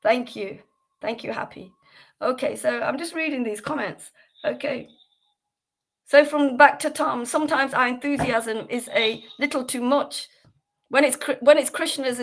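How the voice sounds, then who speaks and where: British woman on a livestream, rambly and earnest, um and uh a lot, voice a bit high. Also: moderate pace, fairly bright tone. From United Kingdom. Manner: rambling, earnest, with frequent fillers and restarts. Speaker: devotional class host. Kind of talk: casual devotional livestream talk.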